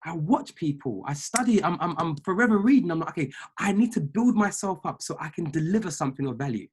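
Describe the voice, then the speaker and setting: A man's voice: on the high side, expressive, fast, a little mellow, husky. A man, a trading mentor giving a fired-up motivational talk on a group call, repeating phrases like a preacher.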